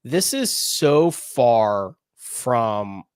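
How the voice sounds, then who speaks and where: A man co-hosting a podcast, talking through golf betting picks in a rambling, animated way with laughs in between. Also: mid-range voice, very slow, clear, resonant tone, no room sound, studio quality. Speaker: podcast co-host. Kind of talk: casual golf betting chat.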